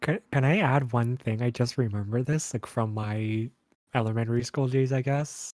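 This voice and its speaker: A man's voice: medium pitch, normal speed, a little mellow, no room sound. A man, a podcast co-host, telling a story in casual chat, hesitant and rambling.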